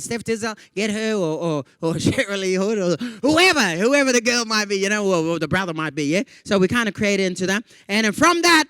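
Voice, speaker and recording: This comedian's conference keynote is stand-up storytelling for a live audience, delivered by an Australian man whose fairly high voice is clear and resonant. He bounces around animatedly, giving quoted people playful voices and dropping in chatty "yeah?" and "you know" tags. The sound is dry and close with no room sound.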